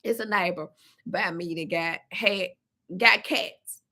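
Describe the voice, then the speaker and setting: A woman's voice: fairly low pitch, takes it slowly, bright, forceful tone. A woman from Memphis with a Southern accent, chatting casually to her viewers on a livestream and reading their comments aloud. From Memphis, Tennessee. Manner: chatty, talks to viewers and reads the chat aloud. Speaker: livestream host. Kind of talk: casual live-chat venting.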